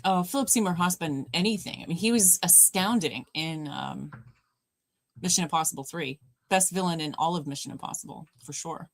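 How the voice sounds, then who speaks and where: A woman co-hosting a live watch party talks in a loose, rambling way and laughs easily. Her voice sits a little low for a woman. The sound is dry and close, with no room behind it. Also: normal speed, no room sound. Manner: chatty and rambling, laughs often. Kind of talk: casual chat during a live watch party.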